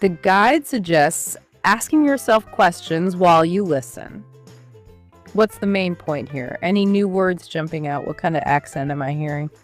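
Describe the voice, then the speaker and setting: A woman's voice: fairly low pitch, measured pace, faint music behind. A woman co-hosting an educational podcast, walking listeners through study steps one by one in an upbeat chatty way. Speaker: podcast co-host. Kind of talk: scripted educational podcast chat.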